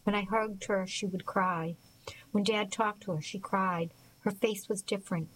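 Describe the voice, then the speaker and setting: A woman voicing a troubled, grieving grown man, speaking in a slow, halting, tearful way. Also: medium pitch, fairly even intonation, fairly bright tone, slight background noise, close to an everyday voice, low-quality recording.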